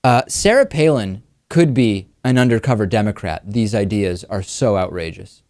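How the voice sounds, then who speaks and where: A man hosting a political talk show, giving wry, quick commentary with frequent restarts. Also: on the low side, lively intonation, darkish tone, dry recording, studio quality. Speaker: host.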